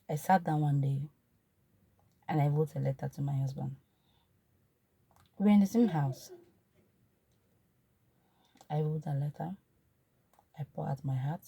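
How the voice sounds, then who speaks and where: A woman in her thirties with a Nigerian accent, telling a personal story in an emotional, repetitive way. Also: fairly low pitch. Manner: emotional, repetitive, shifts from animated to hushed. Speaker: vlogger. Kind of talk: personal testimony.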